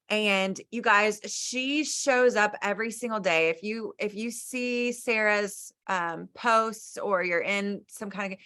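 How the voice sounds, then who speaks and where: Team leader, woman, bright and tense-toned, upbeat and chatty on a video call. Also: medium pitch. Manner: enthusiastic, chatty, southern "y'all". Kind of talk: casual encouraging talk.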